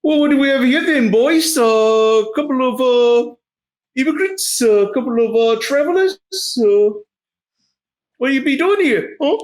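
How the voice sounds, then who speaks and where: A man voicing a corrupt male border guard who sneers and angles for a bribe in a high, put-on voice. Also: lively intonation, a little slow, rough recording. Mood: sneering.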